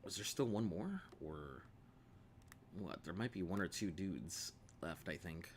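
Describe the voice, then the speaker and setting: A man's voice: low-pitched, expressive, unhurried, slight background noise. A man streaming gameplay, joking playfully with his viewers and laughing often. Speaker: game streamer. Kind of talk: gameplay commentary chatting with viewers.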